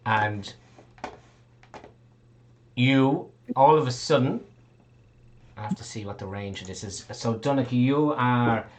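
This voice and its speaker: A man's voice: medium pitch, slow pace, pauses often, slight background noise. A man narrating a tabletop game as game master, rambling, swearing casually and laughing often.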